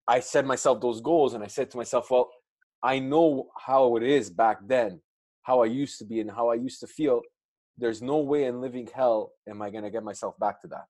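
A man's voice: medium pitch, normal speed, a little mellow. Earnest man giving motivational talk. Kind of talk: casual podcast chat.

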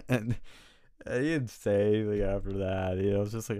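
A young man hosting a casual chat, telling stories in an animated way, acting out what people said to him and swearing freely. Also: fairly low pitch, brisk, no room sound, clean studio sound. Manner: animated storyteller acting out quotes, swears and laughs often.

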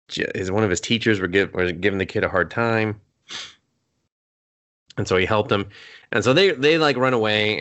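A man's voice: lowish voice, fairly bright tone. A young man on a podcast casually recapping an anime episode, rambling, laughing often and coughing now and then. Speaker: podcast co-host.

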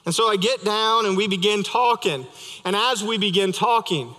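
Young male pastor, high and bright, a relaxed storyteller with easy humor, heard through long church reverb. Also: moderate pace. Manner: conversational, storytelling with light humor. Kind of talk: sermon. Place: church sanctuary.

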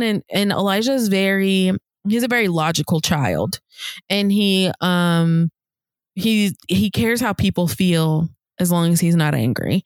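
A woman in her thirties co-hosting a podcast, telling a story casually and acting out the people she quotes in higher voices. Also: no echo, clean studio sound. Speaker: podcast co-host.

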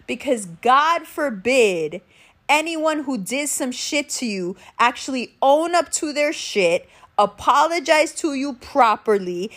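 A woman's voice: a little high, animated, takes it slowly, fairly bright tone. A young woman hosting a show, giving a raw, profane, emotional monologue. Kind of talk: candid monologue.

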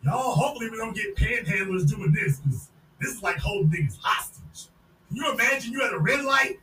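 A podcast host, a man, loudly mocking a video in casual commentary and repeating his points. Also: high-pitched, lively intonation, fairly quick. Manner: mocking, loud, repetitive. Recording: echoey room, distant mic, faint noise.

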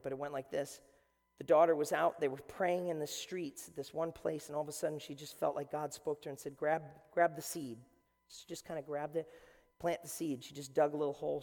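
Passionate high-voiced male preacher, building to shouts, long church reverb. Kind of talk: sermon.

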